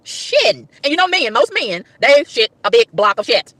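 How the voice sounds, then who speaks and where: Exasperated woman ranting fast and high. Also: very animated, bright, forceful tone, no echo. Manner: exasperated, exclaiming, repeating lines for emphasis. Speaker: vlogger. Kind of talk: animated storytelling rant.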